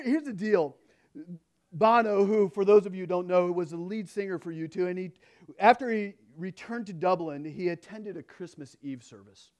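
A pastor preaching a sermon, swinging between loud emphasis and hushed intensity, and telling stories with playful quoted dialogue. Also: male voice, high voice, normal speed.

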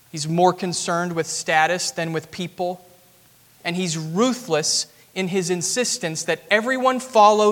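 A man with a notably high voice preaches earnestly, explaining a passage step by step and swelling with emphasis at key points. His words ring out with a long reverb, as if filling a large sanctuary. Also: fairly bright tone. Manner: earnest expository preaching, rising emphatic at climaxes. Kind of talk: sermon.

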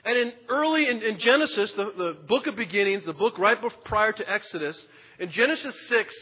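A male pastor preaching a sermon, animated and joking, dropping from loud emphasis to a hushed voice. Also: high voice, fairly quick, breathy edge. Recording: dull lo-fi sound with long reverb.

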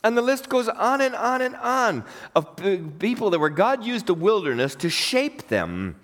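A man preaching a sermon, his fairly high voice rising and falling with animated emphasis. He reads scripture aloud and puts questions to the congregation. His voice rings out with the long reverb of a large hall. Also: normal speed. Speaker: pastor.

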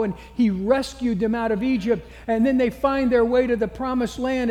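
A man's voice: extremely high pitch, darkish tone. A man preaching a sermon, retelling scripture scenes in an earnest, storytelling way. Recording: long hall reverb.

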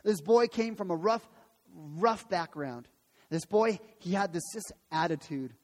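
A man's voice: high voice, measured pace. A man pastor preaching a sermon in a church, earnest and emphatic, repeating phrases for weight. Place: church sanctuary. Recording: long hall reverb.

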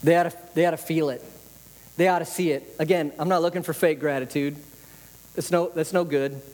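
A man preaches a casual, conversational sermon, leaning on repeated phrases to drive points home. His voice sits a little high for a man. It rings out with the long reverb of a church hall. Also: fairly even intonation, fairly quick, a little mellow. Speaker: pastor.

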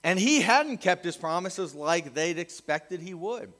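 Middle-aged male pastor, slightly high voice, conversational sermon delivery, acts out quoted lines. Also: expressive, measured pace, a bit bright, in a large hall.

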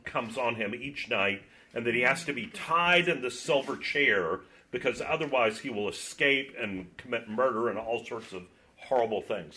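A man's voice: mid-range voice, bright, forceful tone. A man teaching a book study, explaining in a conversational way before reading aloud. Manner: conversational, explains then reads.

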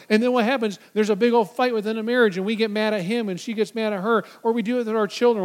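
High-voiced man preaching a sermon. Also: steady tone, quick pace, hardly any pauses. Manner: emphatic preaching with rhetorical questions. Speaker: pastor.

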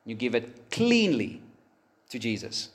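A man preaching a sermon, emphatic and pausing, rising for emphasis. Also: mid-range voice, wildly swooping pitch, a little hiss or hum. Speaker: pastor.

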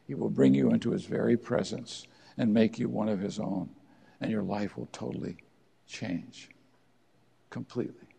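Male pastor preaching in church, super gravelly, husky and low-toned, gets loud then soft. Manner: earnest preaching with rising emphatic peaks and quiet drops. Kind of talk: sermon.

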